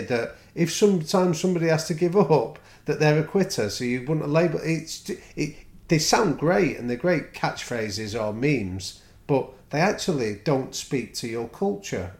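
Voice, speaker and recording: Man, lively storyteller guest, mid-pitch, roomy recording. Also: normal speed. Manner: animated storyteller, acts out quoted exchanges. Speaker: guest speaker on culture and leadership. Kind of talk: podcast conversation. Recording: roomy echo.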